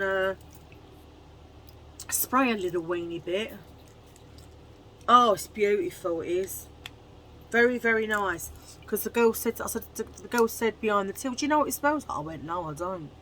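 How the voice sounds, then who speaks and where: A woman chatting casually to camera at home in a chummy way, full of quick asides. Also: medium pitch, fairly bright tone, slight background noise, low-quality recording. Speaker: haul vlogger.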